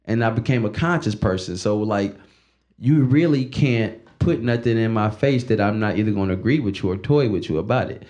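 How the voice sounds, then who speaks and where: A man's voice: fairly low pitch, brisk. A young man, a stand-up comedian, talking casually as a guest. He swears freely and keeps breaking into laughter. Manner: animated and profane, often breaking into laughter. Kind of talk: casual, profane podcast conversation.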